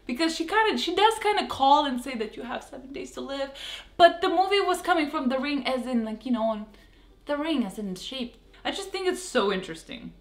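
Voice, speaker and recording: A woman's voice: high voice, fairly bright tone. A young woman from Russia with a Russian accent, chatting playfully in a casual vlog with big, exaggerated emphasis. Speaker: vlogger. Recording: echoey room with faint music.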